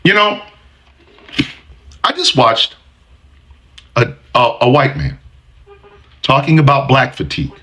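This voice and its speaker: A man's voice: medium pitch, wildly swooping pitch, slow pace, pauses often, sharp tone. A man in his forties giving heated, profane commentary with emphatic delivery. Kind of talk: ranting commentary.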